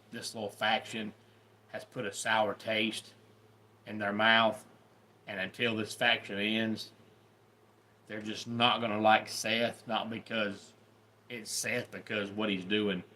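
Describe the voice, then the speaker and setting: A man's voice: on the low side, little pitch movement, slow, long pauses, pushed and bright. A middle-aged man with a Southern drawl, hosting a casual livestream, giving blunt opinions and greeting viewers by name. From Deep South of the US. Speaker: YouTube host.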